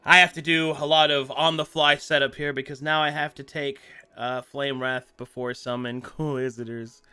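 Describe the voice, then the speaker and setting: A chatty, upbeat man running a tabletop game as game master. His voice is bright and forward, with faint music underneath. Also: mid-range voice, flat delivery, moderate pace, smooth. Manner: upbeat, chatty, laughs along with the players.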